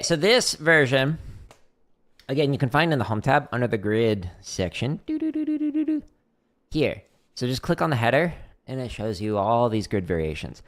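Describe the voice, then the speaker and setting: A man hosting a drumming livestream, chatting casually and explaining practice step by step with self-deprecating humor. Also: on the low side.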